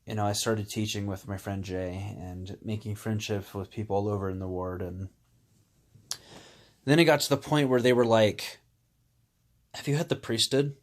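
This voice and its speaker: A man telling a personal story in a candid, rambling way, pausing with "um" and "you know". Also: lowish voice. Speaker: vlogger.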